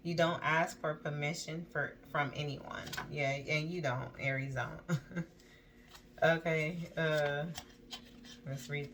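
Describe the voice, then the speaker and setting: A woman with a deep, slightly bright voice gives a casual tarot reading at a slow pace and fairly even intonation, with a little hiss or hum in the audio. She reads the card text aloud, then riffs on it chattily and loosely, sprinkling in plenty of "like" and "um."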